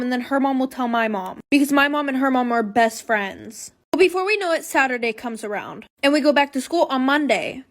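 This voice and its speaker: High-voiced young woman telling a storytime. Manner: chatty, blunt, swears freely, quotes people in asides. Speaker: TikTok storyteller. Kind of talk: casual storytime monologue.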